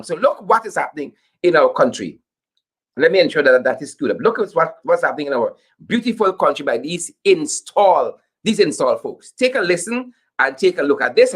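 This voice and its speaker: A young Guyanese man with a Guyanese accent, hosting a political commentary show in an animated, joking way and repeating phrases for emphasis. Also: fairly high pitch, breathy edge. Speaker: host.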